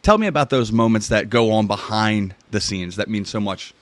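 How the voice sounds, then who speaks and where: A man's voice: on the low side, normal speed, no room sound. A man interviewing a fighter, friendly and enthusiastic, asking long casual questions. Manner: friendly, enthusiastic, repeats "that's awesome".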